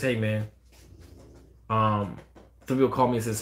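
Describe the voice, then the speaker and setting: A man, a dog breeder answering questions on a casual live stream, blunt and animated, quoting callers in a raised voice. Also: mid-range voice, fairly quick, long pauses.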